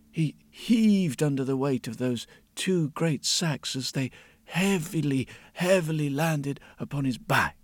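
A man telling a folk tale in a lively, expressive way, often repeating phrases. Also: on the high side, dry recording. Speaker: storyteller. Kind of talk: oral storytelling. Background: soft guitar.

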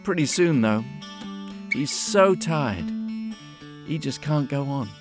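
A man telling a folk tale in a lively, expressive way, often repeating phrases. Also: mid-range voice, takes it slowly. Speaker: storyteller. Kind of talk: oral storytelling. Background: soft guitar.

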